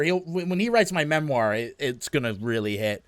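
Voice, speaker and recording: Excitable man streaming a game. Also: medium pitch, moderate pace, dry recording. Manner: excitable, swears, reads game text aloud. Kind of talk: casual gameplay commentary.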